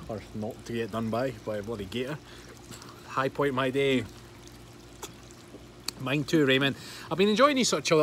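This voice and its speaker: A Scottish man in his thirties talks casually into a phone held at arm's length, a chatty fitness coach running a livestream. His voice sits fairly high and swings up and down with lively energy. A faint hiss of background noise sits under the talk. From Scotland. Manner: chatty, greets viewers, laughs often. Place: by a hotel pool outdoors.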